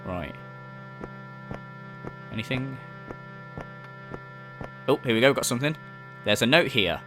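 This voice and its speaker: A man's voice: mid-range voice, animated, slow, over music. A young man giving jokey, sarcastic let's-play commentary, swearing casually as he explores. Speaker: gaming YouTuber.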